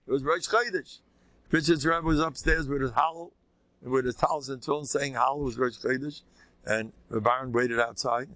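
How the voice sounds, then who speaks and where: An older man, a rabbi, giving an informal, animated Torah lecture with a conversational, joking delivery. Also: fairly quick. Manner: animated and conversational, swinging pitch, jokes with listeners. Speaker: rabbi teaching a class.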